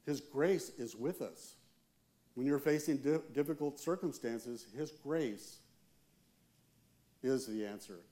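A man preaches a sermon as a church elder, earnest and deliberate, leaning on slow emphatic pauses. His voice sits at an ordinary middle pitch. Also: warm tone.

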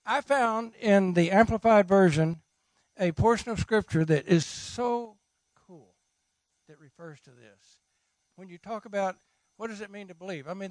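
High-voiced gravelly preacher, dry sound. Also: male voice, no room sound. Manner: humorous, animated preaching with rhetorical questions. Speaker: pastor. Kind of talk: sermon.

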